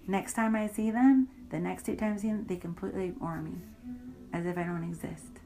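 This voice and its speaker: A woman's voice: on the low side, fairly even intonation, a little fast, mellow, poor audio. A woman in an interview, bluntly recounting a personal story with heavy profanity and indignant emphasis.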